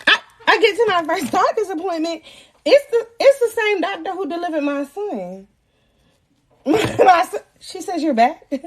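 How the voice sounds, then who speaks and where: Animated high-voiced young woman storyteller. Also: normal speed. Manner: dramatic, laughing, swinging from loud to hushed. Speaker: podcast host telling her story.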